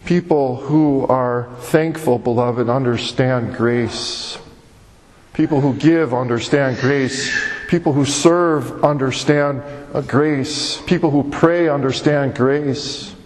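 A man's voice: medium pitch, slow. A man preaching a sermon as pastor, with an emphatic, repetitive cadence. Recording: long hall reverb.

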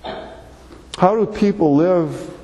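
A man's voice: high voice, very slow, warm tone. Male pastor preaching in a reverberant hall. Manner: conversational and emphatic, repeats words when pressing a point. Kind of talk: sermon. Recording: long reverb of a large hall.

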